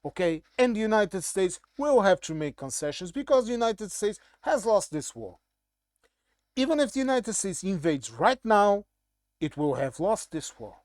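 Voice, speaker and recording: A man's voice: sits high, very animated, moderate pace, darkish tone, no room sound, clean studio sound. A man with a Portuguese accent, native in Portuguese, giving a casual, blunt and irritated monologue commentary.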